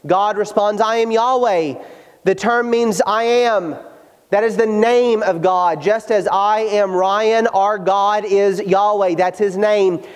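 Man, high pitch, earnest preacher, slow stress on scripture, echoing church hall. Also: fairly even intonation, clean tone. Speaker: pastor. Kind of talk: sermon. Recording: hall reverb.

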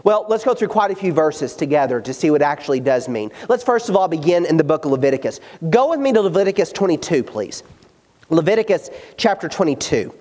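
High-voiced man preaching in a reverberant hall. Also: big pitch swings, darkish tone. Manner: earnest, emphatic preaching, slows to stress quoted scripture. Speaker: pastor. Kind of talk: sermon.

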